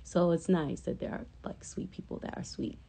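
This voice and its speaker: A woman's voice: on the low side, normal speed, creaky, warm tone, slight background noise. A woman chatting casually on a phone livestream, rambling and swearing freely and flaring into impassioned outbursts. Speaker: livestream host.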